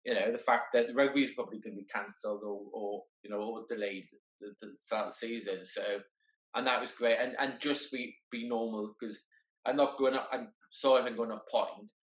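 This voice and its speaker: Earnest man, halting and roomy. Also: mid-range voice, steady tone. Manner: earnest, halting, repeats words often. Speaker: guest, wheelchair marathon entrant. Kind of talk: casual conversation. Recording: roomy, dull lo-fi sound.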